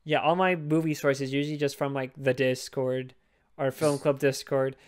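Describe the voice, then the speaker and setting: Smooth-voiced young man, rambling and jokey. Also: medium pitch, little pitch movement, normal speed. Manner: rambling, profane, jokey, full of fillers. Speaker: podcast co-host. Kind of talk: casual chat.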